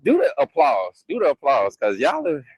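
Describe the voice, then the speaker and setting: A man's voice: a little high, wildly swooping pitch, moderate pace, breathy edge, no room sound, rough recording. A man hosting a live sports talk stream, chatty and laughing often as he talks straight to his viewers. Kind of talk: casual live-stream chat.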